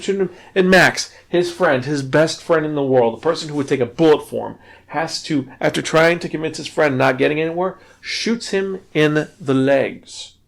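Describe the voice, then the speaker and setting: A man hosting a podcast, casually retelling a manga plot in an animated way, with swearing and frequent stumbling restarts. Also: on the high side, gravelly. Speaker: podcast host and manga reviewer.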